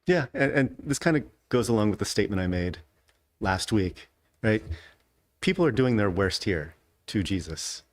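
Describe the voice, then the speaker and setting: A man's voice: fairly low pitch, sing-song, normal speed, no echo. A man teaching an adult Sunday school class in a conversational way, often checking in with his listeners with a rhetorical question. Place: church classroom.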